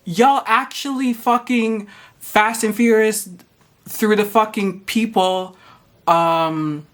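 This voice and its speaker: A man's voice: high voice, steady tone, takes it slowly, a bit bright. A man ranting to camera in a vlog, exasperated, profane and sassy. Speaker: vlogger. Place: Toronto.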